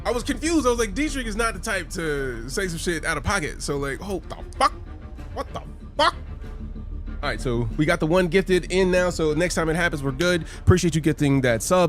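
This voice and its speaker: Animated, excitable male game streamer. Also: a little high. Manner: excitable, swears freely, greets chat by name. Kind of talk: casual live-stream chat.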